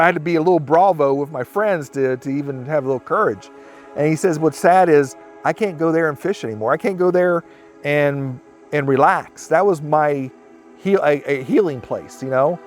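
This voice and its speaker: A man in an interview rambling through a retold story and slipping into quoted speech. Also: a little high. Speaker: interviewee recounting a sighting.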